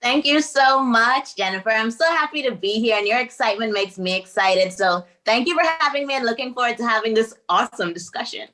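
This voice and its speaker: A woman from the Bahamas speaks as a podcast guest in a bright, forward voice. She tells her stories with animation and slips into acting out the dialogue. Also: on the high side, a little fast, hardly any pauses. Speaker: podcast guest, anti-racism educator. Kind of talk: animated personal storytelling.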